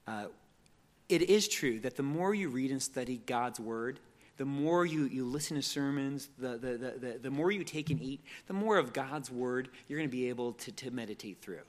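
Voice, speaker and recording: A man's voice: mid-range voice, lively intonation, moderate pace. A man giving a conversational teaching on Bible meditation, often repeating words and restarting phrases.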